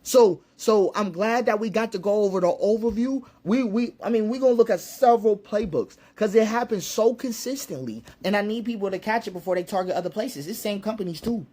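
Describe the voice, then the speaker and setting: A man's voice: sits high, fairly quick, hardly any pauses, dark tone. A man giving an impassioned, preacherly monologue, repeating his points with emphasis. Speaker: commentator.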